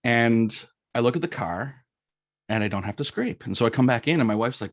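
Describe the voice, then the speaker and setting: A man's voice: mid-range voice, lively intonation, brisk, no echo, clean studio sound. A middle-aged man with a Canadian accent giving a casual presentation, chatty and storytelling, with many fillers and asides.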